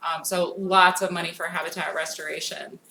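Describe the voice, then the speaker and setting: A woman's voice: fairly low pitch, flat delivery, creaky, pushed and bright. A woman giving a conference talk on grant programs in an informal way, often saying "um". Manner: informal, frequent "um" fillers, brisk. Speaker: federal grants program speaker. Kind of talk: conference presentation. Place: conference hall. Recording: echoey room with faint noise.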